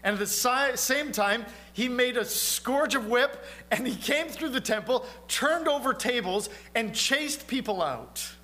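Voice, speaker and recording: A man preaching a sermon in an earnest, conversational way, asking his listeners questions and sometimes dropping to a low, quiet voice for emphasis. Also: expressive, unhurried, few pauses. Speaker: pastor.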